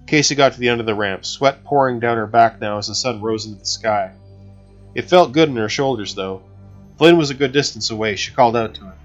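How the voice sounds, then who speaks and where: A man narrating an audiobook in a steady, measured reading. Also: medium pitch. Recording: slightly dull recording with faint music.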